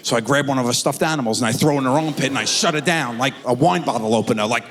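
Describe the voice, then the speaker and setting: A man's voice: mid-range voice, fast. A middle-aged man doing stand-up comedy, telling stories and putting on his kids' voices. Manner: animated storytelling with voiced impressions of his kids. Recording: theater recording with long hall reverb.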